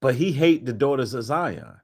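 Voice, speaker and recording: A man commentating on video clips in a casual, mocking way, swinging between low mutters and loud outbursts. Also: animated, moderate pace.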